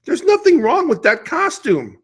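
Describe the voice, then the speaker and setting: A man's voice: very high-pitched, wildly swooping pitch, normal speed. A middle-aged man hosting a podcast, ranting bluntly and animatedly in casual chat. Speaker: podcast host.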